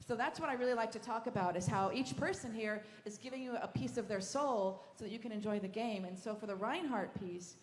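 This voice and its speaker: A woman moderating a live convention panel, effusive and quick, often restarting her sentences. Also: a little high, a little hiss or hum. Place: large convention hall stage. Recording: reverberant hall with crowd ambience.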